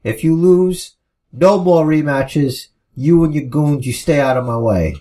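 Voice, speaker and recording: A man's voice: mid-range voice, expressive, a little slow, husky. A man voicing a proud male wrestling champion, firm and fed up.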